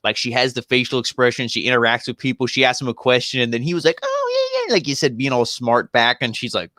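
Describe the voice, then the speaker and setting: A man's voice: medium pitch, steady tone, sharp tone, no room sound, clean studio sound. A man co-hosting a wrestling review show, chatting casually and rambling with lots of fillers. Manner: rambling, filler-heavy, quick asides. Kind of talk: casual chat.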